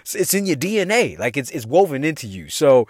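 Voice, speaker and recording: A man's voice: fairly high pitch, sing-song, brisk, a little mellow, no room sound, clean studio sound. A man telling a funny personal story in a casual, slangy, heavily profane way, laughing often. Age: adult parent. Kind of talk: casual comedic storytelling monologue.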